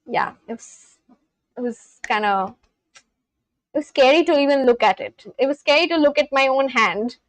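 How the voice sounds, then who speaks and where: A woman's voice: sits high, moderate pace, no echo. A woman from India, chatting casually on a livestream, reading and answering viewers' comments. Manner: chatty, reads and answers chat aloud, laughs often. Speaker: livestream host.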